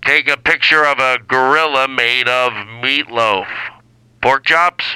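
A man's voice: medium pitch, takes it slowly, bright, forceful tone, clear, resonant tone, dry recording, rough recording. A man hosting a comedy podcast alone in a barn studio, rambling and riffing in scattered bursts. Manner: scattered, riffing, restarts and bursts of silly bits. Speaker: podcast host.

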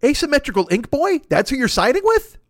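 A man spins a rambling, foul-mouthed comic story and slips into the voices of everyone in it. His voice sits high and swings widely in pitch. The recording is dry and close, with no room sound. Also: a little fast, no echo. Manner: animated, swearing, acts out both sides of the dialogue. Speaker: podcast host.

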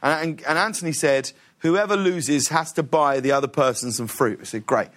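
A man's voice: a little high, normal speed. A man, a talk show guest telling a story with lots of restarts in a television studio. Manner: lively anecdotal telling with restarts and acted-out quotes. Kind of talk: animated storytelling in a studio interview.

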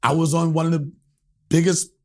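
A middle-aged comedian from the Washington area, telling a story in an interview, acting out quoted voices and swearing freely. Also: male voice, little pitch movement, moderate pace. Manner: acts out quoted voices, jumps pitch and volume for punchlines, swears freely. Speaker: comedian guest. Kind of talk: animated storytelling in a podcast interview.

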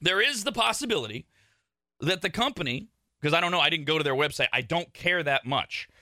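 A man hosting a morning radio show, rambling wryly and sarcastically, sometimes breaking into shouts. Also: fairly high pitch, lively intonation, a little fast, no room sound, studio quality. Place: radio studio. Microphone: studio microphone.

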